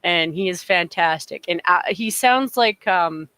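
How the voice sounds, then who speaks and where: A woman's voice: fairly low pitch, measured pace, sharp tone, clean tone. A woman chatting casually in an online group chat, chatty and stumbling over her words.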